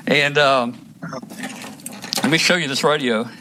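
A man's voice: medium pitch, steady tone, measured pace, noisy background. Rambling man hosting a radio stream. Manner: rambling, hesitant, many restarts and fillers. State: out of breath. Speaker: show host demonstrating radios. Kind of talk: casual live-stream chat.

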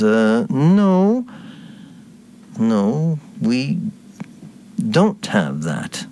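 A sarcastic male commentator reads posts aloud, jabbing at each phrase with mock disbelief. His pitch leaps up and down freely while he keeps an unhurried, drawn-out pace. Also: huge pitch swings, a little mellow. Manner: sarcastic, mocking. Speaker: political commentator.

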